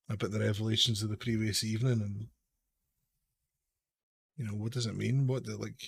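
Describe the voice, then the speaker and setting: A man's voice: mid-range voice, creaky, husky, dry recording. Man rambling as game master. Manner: rambling, hesitant narration with many restarts. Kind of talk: narrating a tabletop game.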